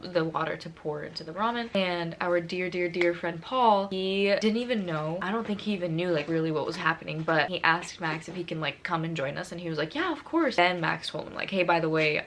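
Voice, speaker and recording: A woman's voice: fairly low pitch, a bit bright, slight background noise. A young woman vlogger telling a personal story in a casual, gushing and emotional way, full of fillers.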